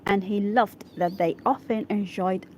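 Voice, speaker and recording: This is a woman reading an English article for practice; her first language is Arabic, and she stops to sound out and repeat hard words while checking her pronunciation. She's unhurried, with a steady, slightly mellow mid-range voice and slight background noise.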